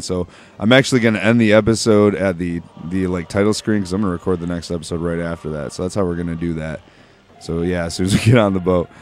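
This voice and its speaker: A man's voice: low voice, darkish tone. A man giving casual, offhand let's-play commentary over a walkthrough, swearing freely and dropping wry jokes. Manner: jokey, wry asides. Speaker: gameplay commentator.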